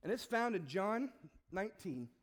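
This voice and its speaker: A pastor preaches a sermon in a high, sing-song voice at normal speed. He tells stories conversationally, acting out the voices of the people in his illustrations.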